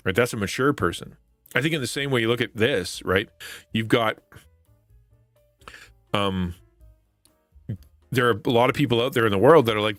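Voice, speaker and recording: A man's voice: medium pitch, normal speed, pauses often, a bit bright, no room sound, soft background music. Earnest man giving casual devotional talk. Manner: earnest, conversational, many restarts and rhetorical questions. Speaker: Christian streamer and devotional host. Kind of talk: casual devotional chat on a stream.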